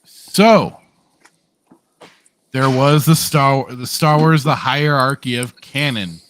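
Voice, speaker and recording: A man's voice: medium pitch, slow pace, a bit bright, slight background noise. A man co-hosting a podcast, rambling through a casual review chat with lots of fillers, restarts and laughs. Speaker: podcast co-host.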